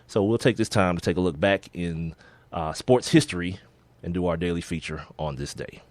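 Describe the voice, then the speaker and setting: Laid-back man with a low, dry voice. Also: moderate pace, a little mellow, no echo. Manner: laid-back, laughs often, reads listings with slips. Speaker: podcast co-host. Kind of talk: casual sports podcast chat.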